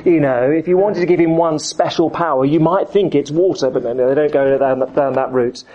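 A man's voice: fairly high pitch, brisk, mellow, dull audio. A man preaching a sermon, acting out the voices of the people he quotes.

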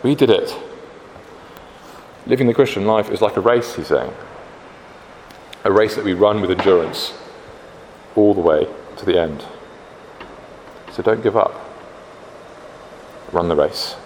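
A man's voice: low voice, unhurried, long pauses, darkish tone. British man preaching in a reverberant hall. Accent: British English. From Britain. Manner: conversational, with frequent fillers and restarts. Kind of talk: sermon. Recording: echoey hall, faint background noise.

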